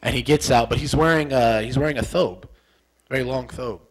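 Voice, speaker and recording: Animated man telling a war story. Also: mid-range voice, fairly quick, low-quality recording. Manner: animated, repetitive storytelling that acts out remembered dialogue. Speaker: interview guest, former soldier. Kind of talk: storytelling in a sit-down interview.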